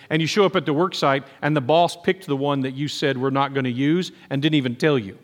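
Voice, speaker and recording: A man's voice: a little high, steady tone, quick pace, hardly any pauses. A man preaching a sermon in a conversational way, often acting out quoted voices. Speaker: pastor. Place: church sanctuary. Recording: long hall reverb.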